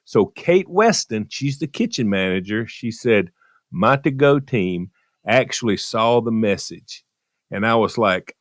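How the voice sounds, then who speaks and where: A man co-hosting a radio show, telling a story slowly. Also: fairly low pitch, dry recording, studio quality. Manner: slow storytelling delivery. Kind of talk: casual radio chat.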